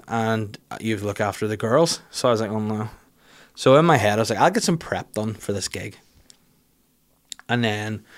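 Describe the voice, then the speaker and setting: A man, telling funny self-deprecating stories about his life in casual, sweary talk. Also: medium pitch. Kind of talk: casual storytelling monologue.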